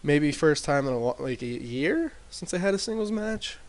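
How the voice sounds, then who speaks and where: A man casually recapping his wrestling sim game in a rambling way, with lots of fillers and restarts, talking into a desk mic turned up loud. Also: on the high side, animated, normal speed. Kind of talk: casual commentary over gameplay. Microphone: desk mic with boosted gain.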